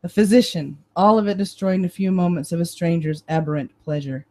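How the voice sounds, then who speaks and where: A woman hosting a live stream, reading a novel aloud in steady, measured first-person narration. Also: on the low side. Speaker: reader and stream host.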